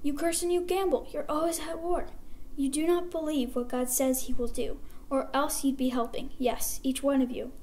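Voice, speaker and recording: A woman voicing Noah, a patient, gray-haired old man who speaks earnestly and gently in a rhyming storybook tale. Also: sits high, level tone, normal speed, few pauses, a little hiss or hum, close to an everyday voice. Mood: pleading.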